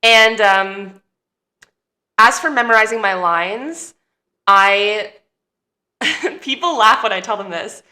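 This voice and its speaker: A woman's voice: medium pitch, slow, pauses often, pushed and bright. A woman actor chatting in a casual interview, bubbly and full of fillers. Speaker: actor guest.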